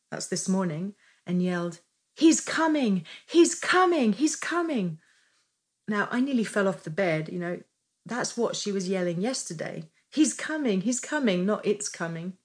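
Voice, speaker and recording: Devotional teacher: woman, middle-aged, slightly low voice, lively and prone to laughter, fervent in worship. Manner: animated, laughs often, breaks into fervent worship. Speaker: Christian teacher sharing a devotional.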